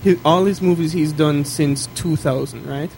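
A man hosting a casual chat, steering the talk and listing things off in quick succession. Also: on the high side, vocal fry, a little mellow, a little hiss or hum, low-quality recording.

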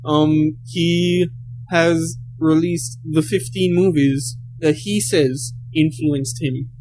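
Guy cohosting a movie podcast, kinda high voice, rambly, trips over his words. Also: fairly even intonation, slow, darkish tone, a little hiss or hum. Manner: rambling, repeats words when stuck. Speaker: podcast co-host. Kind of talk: casual film chat.

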